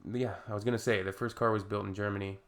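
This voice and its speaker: Sarcastic man with a gravelly voice. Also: on the low side, steady tone, fast talker, fairly bright tone. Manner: sarcastic, mocking. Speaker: reaction video host. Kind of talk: casual reaction commentary.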